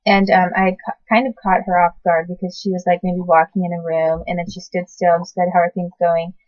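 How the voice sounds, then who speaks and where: Woman, 40s, lowish voice, halting, self-correcting, casual recollection, dry, dull lo-fi. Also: level tone, no echo. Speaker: recalling past babysitting work. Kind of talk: casual personal recollection to camera. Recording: dull lo-fi sound.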